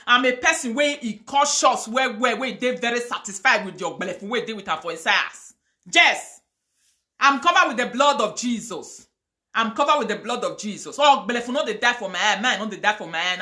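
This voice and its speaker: Woman, Nigerian accent, bright voice, fiery chanting, live video rant. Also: on the high side. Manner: fiery, chanting curses and prayers, mixing pidgin. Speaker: online video host.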